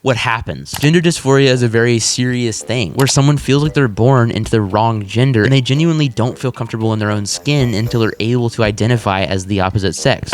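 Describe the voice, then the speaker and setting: A young man hosting a casual commentary video, sarcastic and animated, often laughing at his own jokes. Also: mid-range voice. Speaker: commentary YouTuber.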